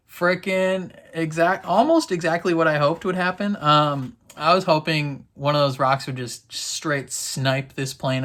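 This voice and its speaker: A man's voice: a little high, fairly bright tone. A young man chatting casually as he recaps a TV episode. He rambles, fills his speech with fillers and laughs often. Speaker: TV reaction vlogger.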